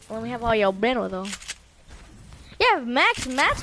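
A young woman livestreaming a game, her high voice leaping up and down as she reacts. She talks in an excitable, jumpy rush to her teammates and swears freely, with a faint hiss of noise behind her. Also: a little fast. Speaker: game streamer. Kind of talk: live gameplay commentary.

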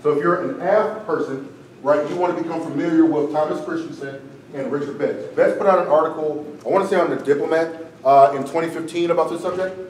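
A man teaching a debate class in a relaxed, conversational way, his voice strained and wearing thin. He sits a little high for a man and is picked up from a distance across a roomy, echoey classroom. A faint hiss runs underneath. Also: fast. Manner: casual, tags sentences with "right?". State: strained, tiring voice. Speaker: debate instructor. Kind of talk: classroom lecture. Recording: echoey room, far from the mic, faint noise.

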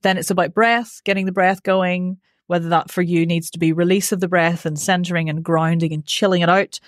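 A woman, a voice coach answering interview questions in a clear, methodical, upbeat way. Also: fairly low pitch, fairly even intonation, fairly quick, no room sound, clean studio sound. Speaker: voice coach, podcast guest.

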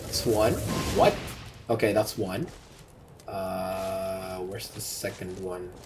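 A gamer giving casual commentary while playing, reacting loudly and swearing freely. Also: low-pitched, steady tone, takes it slowly. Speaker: gamer playing through a game. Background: game music.

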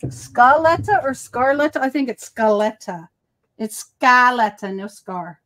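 On her casual crafting livestream, a host with a Boston accent rambles through stories and keeps self-correcting. Her slightly high, bit bright voice has lively intonation and a slightly slow pace.

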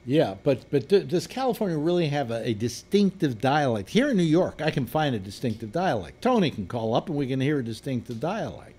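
A man hosting a casual panel chat, telling stories in a relaxed, rambling way with frequent restarts. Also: mid-range voice, fairly quick, hardly any pauses, slightly rough. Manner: chatty, storytelling, trailing restarts. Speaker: host.

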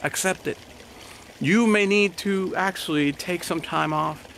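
A man's voice: sits high, unhurried, vocal fry, fairly bright tone, a little hiss or hum. A man preaching a sermon as pastor, in a conversational style full of repetitions and rhetorical questions.

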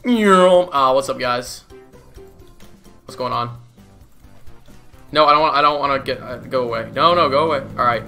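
Goofy young man with a bright voice. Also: medium pitch, moderate pace, pauses often, faint music behind. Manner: goofy, laughs often, swears casually. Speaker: gaming YouTuber. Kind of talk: casual gameplay commentary.

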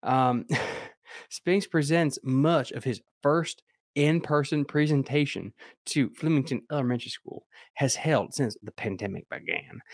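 A man co-hosting a podcast in casual chat, excitable and laughing often. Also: medium pitch, measured pace, gravelly, no echo, clean studio sound. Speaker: podcast co-host.

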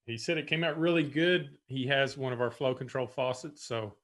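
Easygoing man co-hosting a podcast, chatty, medium pitch. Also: normal speed, fairly bright tone. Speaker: podcast co-host. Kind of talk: casual podcast chat.

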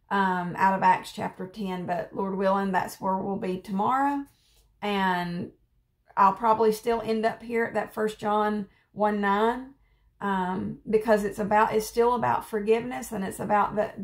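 A woman giving a casual spoken devotional, earnest and conversational, repeating phrases for emphasis and wandering through restarts and fillers. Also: medium pitch. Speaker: devotional speaker.

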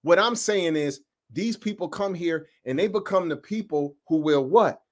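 High-voiced, animated man preaching. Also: moderate pace. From upstate New York. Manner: animated and emphatic, with street slang and asides to listeners. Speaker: Bible teacher. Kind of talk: informal preaching.

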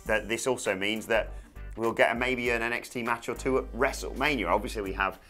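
A man's voice: mid-range voice, fairly quick, sharp tone, faint music behind. A man co-hosting a wrestling news show, giving thoughtful, rambling opinions in a casual way.

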